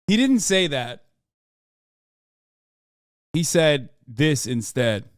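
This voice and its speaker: A man's voice: a little high, very animated, very slow, clean tone, no room sound, clean studio sound. A man streaming casual reaction commentary, sarcastic and profane, rambling as he riffs.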